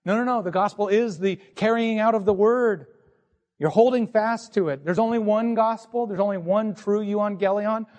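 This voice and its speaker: A man's voice: high-pitched, normal speed, a little mellow. A man preaching a sermon from the pulpit in a church, teaching in an earnest tone and asking rhetorical questions. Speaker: pastor. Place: church sanctuary.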